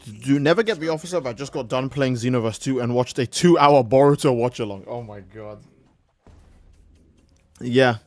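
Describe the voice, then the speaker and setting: A man's voice: medium pitch, moderate pace, pauses often, darkish tone, faint music behind. A man streaming a game, rambling in casual, profane commentary and acting out little skits of people. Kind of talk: casual let's-play commentary.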